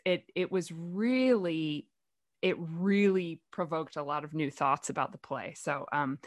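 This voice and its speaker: A woman's voice: fairly low pitch, a bit bright. A woman hosting a play-reading group, chatty and rambling with lots of fillers. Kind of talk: casual talk.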